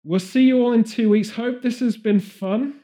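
A man's voice: very high-pitched, moderate pace, dark tone. A man hosting a podcast in a casual, jokey way with playful earnestness. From Britain. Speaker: podcast host. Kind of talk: casual comedic chat.

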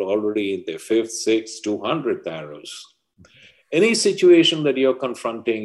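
A man's voice: on the low side, a little mellow. A man, a leadership coach, speaking as an interview guest and explaining his ideas with emphatic parables and stories. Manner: emphatic teacher, tells parables. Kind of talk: interview talk with storytelling.

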